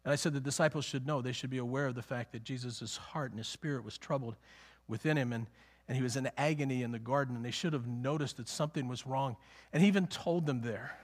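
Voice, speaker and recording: A man teaching a conversational Bible sermon, animated and emphatic, acting out the quotes as he goes. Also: mid-range voice, fast. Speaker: preacher.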